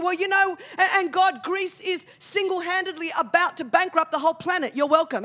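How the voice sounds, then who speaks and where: A woman in her forties from Australia, preaching a sermon as a pastor with animated comic asides that build to loud declarations. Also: extremely high pitch, quick pace, hardly any pauses.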